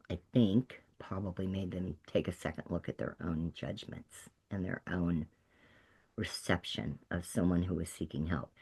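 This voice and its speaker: A woman's voice: extremely low pitch, a little mellow, breathy edge. A middle-aged woman from Texas, a peer support specialist, giving an earnest and emphatic personal testimony. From Texas, USA.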